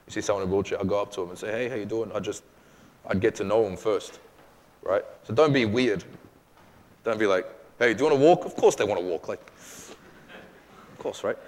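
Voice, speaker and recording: A lower-voiced man speaking quickly as a pastor takes questions from his church. He talks casually and acts out quotes with energy. His voice rings out in a hall with a long reverb. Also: a little mellow. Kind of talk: church Q&A teaching.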